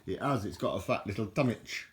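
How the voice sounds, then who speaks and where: A man talks casually through a show-and-tell vlog in a deep, low voice. He rambles and often restarts his sentences. He trips over unfamiliar foreign words as he goes. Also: animated, brisk, slight background noise. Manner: rambling and chatty, stumbles over foreign words, frequent self-corrections. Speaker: vlogger showing his bottle collection.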